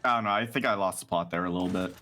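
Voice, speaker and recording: A man hosting a casual gaming stream, talking in an animated, rambling, profane way. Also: deep voice, rapid-fire, soft background music. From United States. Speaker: streamer host.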